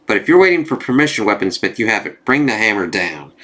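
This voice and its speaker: A man voicing a boastful male alien warlord who commands a siege, reading the lines aloud with a raised, brisk voice. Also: fairly low pitch, big pitch swings, bright, forceful tone. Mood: commanding.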